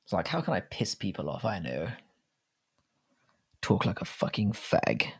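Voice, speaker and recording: A man's voice: low-pitched, huge pitch swings, measured pace, vocal fry, slightly rough. A young English man with an English accent, hosting a live chat stream, rambling casually, swearing often and reading viewer comments aloud. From England. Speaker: livestream host.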